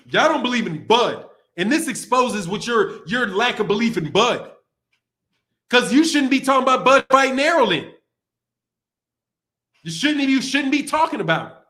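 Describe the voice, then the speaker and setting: His voice is extremely high, pushed, and bright as he hosts a boxing livestream. The man rants profanely and heatedly, repeating himself and bursting into laughter often.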